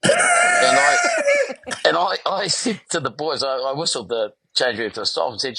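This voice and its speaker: Husky-voiced cheeky New man. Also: a little high, huge pitch swings, unhurried, pushed and bright, dry recording, rough recording. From New Zealand. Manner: cheeky, laughing, rambling storyteller. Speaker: podcast host. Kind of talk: casual podcast chat.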